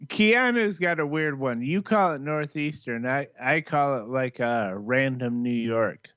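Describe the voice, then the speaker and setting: A man's voice: medium pitch, measured pace, a bit bright, smooth, no room sound. A man from Michigan co-hosting a podcast in laid-back casual chat, laughing along and swearing. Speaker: podcast co-host. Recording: dull lo-fi sound.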